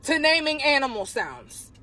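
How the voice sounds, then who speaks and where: A woman's voice: sits high, very animated, normal speed, a crowd in the background. A woman doing a comedic rant, exasperated, acting out animal sounds as she goes.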